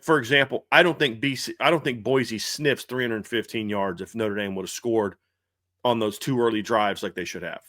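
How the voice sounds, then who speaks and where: A man's voice: medium pitch, a bit bright, no echo, studio quality. A man co-hosting a sports podcast, talking casually with lots of fillers and restarts. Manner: conversational, many fillers and restarts. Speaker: podcast co-host.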